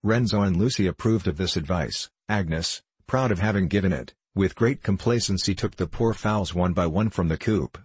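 A man reading a classic novel aloud as scripted narration, in a measured storytelling way. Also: sits low, darkish tone, slightly rough, dry recording. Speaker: audiobook reader.

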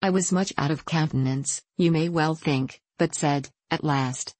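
A woman narrating a classic novel as an audiobook, in a measured, earnest reading. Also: low-pitched, a little mellow, dry recording.

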